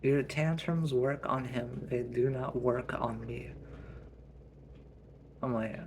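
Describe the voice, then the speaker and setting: A man's voice: medium pitch, takes it slowly, noisy background. A man narrating a family role-play story casually, rambling with many restarts.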